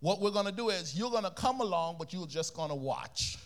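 Stern elderly grandmother, put on by a Bahamian male preacher, firm and measured, slightly lower. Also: lively intonation, lightly acted.

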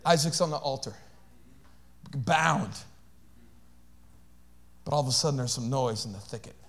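In church, a man with a mid-range voice preaches at a measured pace. He starts by joking and doing little character voices, then builds into shouted, sing-song preaching with call-outs to the congregation.

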